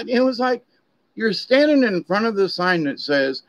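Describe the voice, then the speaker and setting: A man's voice: high-pitched, sing-song, moderate pace, no room sound. A middle-aged man from Florida, telling stories in a rambling, chatty way and drifting off on tangents. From Florida, USA. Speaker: vlogger. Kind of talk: rambling casual monologue. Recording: slightly dull, dry recording.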